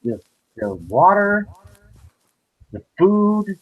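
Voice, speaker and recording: A man on an angry rant, talking slowly and sliding up and down in pitch as he works himself up. His voice is a little husky, and he sounds dry and lo-fi. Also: big pitch swings. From United States. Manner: heated, repetitive, swearing. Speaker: vlogger.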